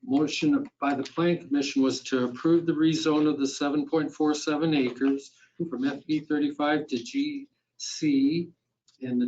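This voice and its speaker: Set slightly high for a man, the voice belongs to a town board chair reading motions and calling votes in a plain, procedural manner. He stumbles on a word now and then and restarts it. The recording is dull and lo-fi, as from a municipal meeting room. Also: a little mellow.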